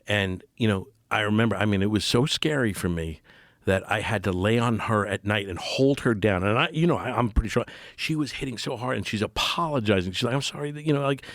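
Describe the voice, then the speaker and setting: A man in his forties, a podcast guest telling a personal story in an earnest, halting way with many restarts. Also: lowish voice, a bit bright, no room sound, studio quality.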